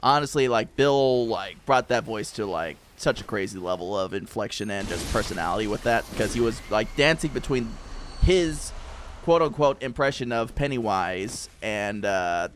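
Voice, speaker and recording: Animated young male streamer. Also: on the low side, normal speed, slight background noise. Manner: animated, laughing, joking. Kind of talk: casual gaming stream chat.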